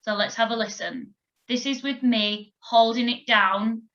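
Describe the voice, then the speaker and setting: A woman teaching a recorded children's music lesson, giving clear, encouraging instructions and counting beats aloud. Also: a little high, fairly even intonation, unhurried, a bit bright, muffled recording. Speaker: primary school music teacher.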